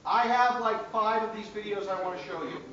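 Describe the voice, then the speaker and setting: A man's voice: high-pitched, brisk, fairly bright tone, recorded from a distance, a little hiss or hum. A man teaching a class, telling a story and often checking in with his students. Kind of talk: classroom lecture. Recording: echoey classroom taped from afar, dull.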